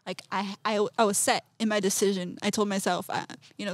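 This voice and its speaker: Woman guest, personal storytelling, mid-pitched voice, dry close sound. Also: normal speed, hardly any pauses, no echo. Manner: animated, laughs often, acts out quoted speech. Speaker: podcast guest, artist.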